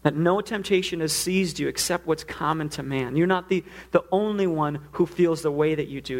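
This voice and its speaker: A man preaching a sermon, earnest, now and then acting out the pleas he quotes. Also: on the high side. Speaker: pastor.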